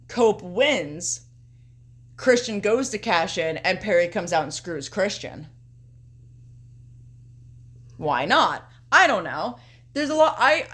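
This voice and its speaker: A woman's voice: medium pitch, fairly bright tone. A young woman co-hosting a podcast in easy, casual chat. She talks at length and lays out her thoughts in a loose, offhand way. She swears freely. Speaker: podcast co-host.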